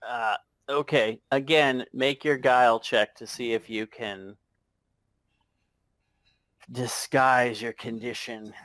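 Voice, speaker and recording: Slow, hesitant male game master. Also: medium pitch, steady tone, fairly bright tone, no room sound. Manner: unhurried, hesitant with many fillers. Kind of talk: narrating a tabletop game.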